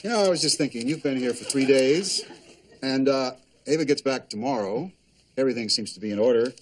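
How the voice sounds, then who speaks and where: An actor playing a harried husband and father who banters in quick, exasperated lines in a sitcom. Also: medium pitch, lightly acted, low-quality recording. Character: harried Southern husband and father, dry wit.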